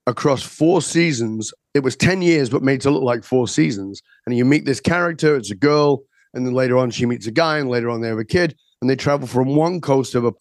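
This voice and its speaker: A man in his sixties from Northern England, a podcast guest telling his life story in a measured, reflective way. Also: medium pitch, no echo, studio quality.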